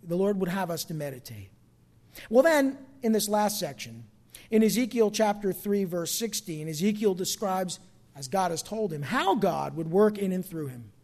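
A middle-aged man, a pastor from New Jersey, preaches at a moderate pace in a high, animated voice. He keeps it conversational, going soft for asides and turning loud and emphatic in bursts.

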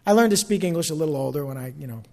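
A man's voice: on the high side, expressive, very fast, dark tone, long reverb tail. A man with a North Jersey accent, preaching a sermon in a chatty way, full of asides and questions to the congregation. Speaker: pastor.

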